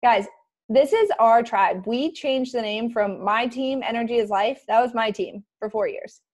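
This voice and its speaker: A young woman leading a casual motivational team call over a computer mic, chatty and excitable with quick asides. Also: fairly high pitch.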